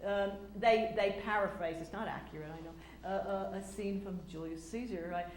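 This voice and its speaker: An older woman telling stories in a casual, animated way, acting out quotes with lots of fillers and restarts. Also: mid-range voice, moderate pace, reverberant, a little hiss or hum. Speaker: speaker recounting memories. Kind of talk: casual storytelling talk.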